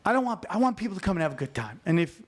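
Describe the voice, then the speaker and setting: A man with a notably high voice tells comedy stories as a podcast guest. He rants in an animated, profane way, pushing hard on each point. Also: rapid-fire. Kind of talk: storytelling in a podcast chat. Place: podcast studio.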